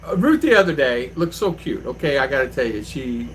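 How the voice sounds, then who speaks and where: An older man chats to his livestream viewers and rambles loosely from one story to the next. His voice sits at an everyday middle pitch, and a faint hiss of background noise runs under it. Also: very animated, fairly quick, rough recording. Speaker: livestream host. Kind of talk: casual livestream chat.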